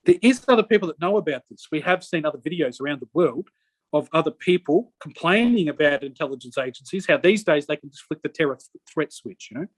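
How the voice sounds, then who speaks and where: A middle-aged man answers an interviewer and recounts his story in long rambling stretches, stalling and restarting mid-sentence. His voice sits a little high for a man. The sound is close and dry, with no room echo. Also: lively intonation. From Australia. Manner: rambling, halting with many restarts. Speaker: interview guest. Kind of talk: conversational personal account.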